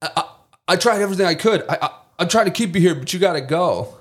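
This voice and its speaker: A man's voice: high-pitched, lively intonation, quick pace, fairly bright tone, pitched above the performer's own voice. A man quoting a tearful male supervisor in a raised, stammering voice. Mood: pleading. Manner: stammering, pleading.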